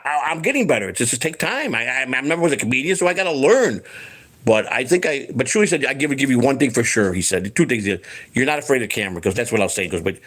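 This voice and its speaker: A man hosting a casual livestream chat, rambling and profane, with lots of restarts, acting out what other people said. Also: medium pitch. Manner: acts out quoted people in his voice. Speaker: host.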